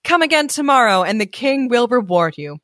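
A woman's voice: fairly high pitch, big pitch swings, brisk, fairly bright tone, no echo, clean studio sound, pitched above the performer's own voice. A woman voicing a young princess in a read-aloud fairy tale, speaking in formal, old-fashioned phrases. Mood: gracious. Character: young princess, sorrowful then joyful.

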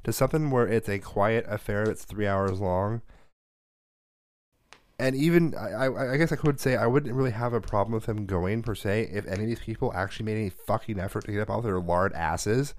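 A man with a fairly low voice rants and swears his way through a casual podcast chat. The recording is dry and close, with no room sound at all. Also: fairly quick, dry recording. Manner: profane, ranting. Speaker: podcast co-host.

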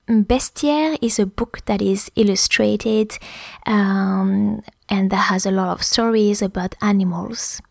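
A woman's voice: medium pitch, gravelly, no room sound, clean studio sound. A woman with a French accent hosting a podcast language lesson, explaining words carefully and spelling them out letter by letter. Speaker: French teacher, podcast host.

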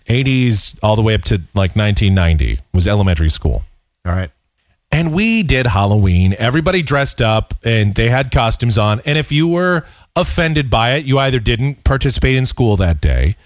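A man's voice: medium pitch, no room sound, studio quality. A man in his forties hosting a talk show, giving an exasperated, sarcastic opinion commentary with a rambling delivery.

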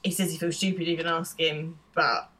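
Female co-host, lowish pitch, relaxed and chatty, quick to laugh. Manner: chatty, laughing, lots of ums and yeahs. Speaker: podcast co-host. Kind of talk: casual chat recapping a TV episode.

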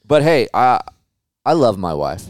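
A man in his forties hosting a podcast, telling stories in a casual, animated way with plenty of swearing. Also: medium pitch, a little slow, no room sound. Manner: animated storytelling with profanity. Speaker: podcast host. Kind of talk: casual chat.

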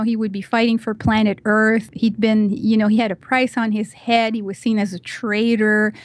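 A woman guest on a podcast, chatting casually and retelling a film scene in animated detail, with lots of "you know" fillers. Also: on the high side, no echo.

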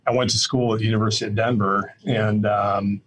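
An older man from the Midwest, a real estate executive answering podcast interview questions in a measured, plainspoken way with frequent fillers. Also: on the low side, level tone, a bit bright, poor audio. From Midwest US, Iowa.

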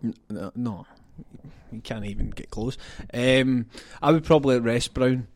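A man's voice: mid-range voice, unhurried, dry recording, clean studio sound. A young Scottish man on a football podcast panel, joking, laughing mid-sentence and making up nicknames. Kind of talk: casual football podcast banter.

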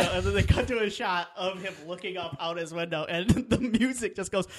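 High-voiced man recounting movie scenes. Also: a little fast. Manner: amused, laughs often while recounting. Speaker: podcast co-host. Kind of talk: casual movie chat.

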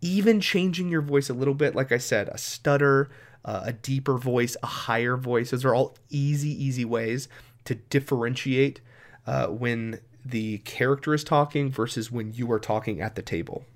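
Talking eagerly and with plenty of fillers, this man co-hosts a relaxed podcast conversation about running tabletop games, drawing on his role as a game master. He speaks at medium pitch and a moderate pace.

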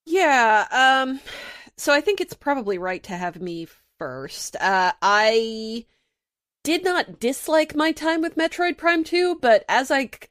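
A woman's voice: medium pitch, dry recording, clean studio sound. Woman co-host, chatty and hesitant. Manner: hesitant, restarts often, laughs lightly. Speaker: podcast co-host. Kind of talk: casual podcast chat.

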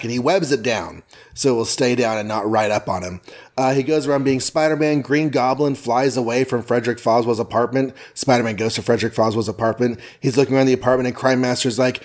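A man's voice: mid-range voice, darkish tone. A man co-hosting a podcast, rambling jokily through a comic book recap with lots of fillers. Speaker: podcast co-host.

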